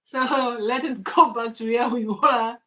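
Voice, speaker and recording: A woman's voice: fairly high pitch, fairly even intonation, unhurried, bright, forceful tone, poor audio. A woman, hosting a faith and mindset livestream, laughing often and greeting viewers by name. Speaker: host.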